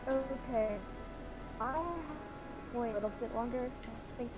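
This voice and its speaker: A woman playing a tabletop game, thinking aloud in a halting way while she decides on her moves. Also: on the high side, fairly even intonation, music in the background, low-quality recording. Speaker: player. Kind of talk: casual tabletop game play.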